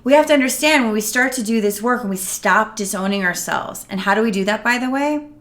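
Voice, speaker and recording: Bright-voiced woman coaching to camera. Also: fairly high pitch, brisk. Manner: earnest, animated, acts out quotes. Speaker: emotional wellness coach. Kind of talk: casual talk to camera.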